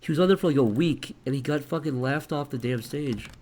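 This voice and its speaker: Animated, swearing male streamer. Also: mid-range voice, a little fast, a little hiss or hum. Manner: animated, profane, laughs a lot. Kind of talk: casual livestream chat.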